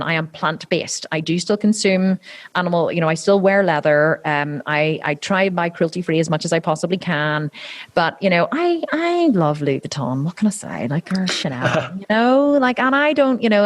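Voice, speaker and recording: A woman, telling stories in a casual interview, acting out other people's voices and swearing freely. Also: lowish voice. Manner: animated storyteller, acts out quoted voices, swears freely. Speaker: podcast host being interviewed.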